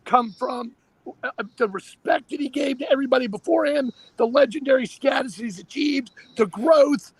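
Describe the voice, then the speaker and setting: A man hosting a casual talk show, animated and emphatic, often repeating himself. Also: very high-pitched, normal speed, slightly rough, dry recording. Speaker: show host.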